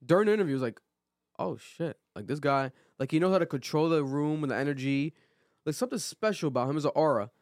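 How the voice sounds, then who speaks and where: A man co-hosting a podcast in casual chat, talking in an animated, opinionated way with lots of fillers. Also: fairly high pitch, very fast, dry recording, studio quality. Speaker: podcast co-host.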